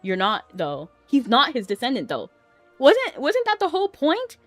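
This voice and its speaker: A woman streaming a game, chatting excitably and laughing often as she reacts to it. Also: sits high, moderate pace, dry recording, faint music behind. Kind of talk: casual gameplay commentary.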